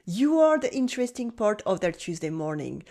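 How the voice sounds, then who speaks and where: A woman with a French accent teaching French, narrating a calm, encouraging scripted lesson. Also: medium pitch, moderate pace. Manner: calm, encouraging, acts out short French dialogue lines.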